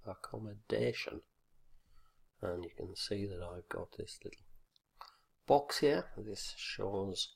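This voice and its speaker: A teacher trainer explains a teaching point in an instructional video lesson, speaking deliberately with fillers and repeating example words with exaggerated stress. His voice is fairly low, creaky, and slightly rough.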